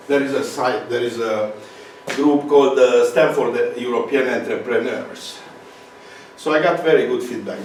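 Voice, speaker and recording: A man with a Romanian accent giving a conference talk, halting with fillers and restarts. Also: mid-range voice, darkish tone, slight background noise. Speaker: speaker. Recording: echoey hall from far off.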